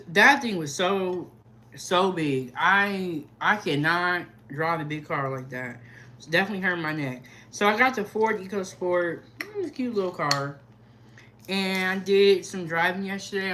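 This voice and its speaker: Slow, chatty woman eating on stream. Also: lowish voice, a little hiss or hum. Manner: relaxed, chatty, savoring food with hums. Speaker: food vlogger. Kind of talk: casual mukbang livestream chat.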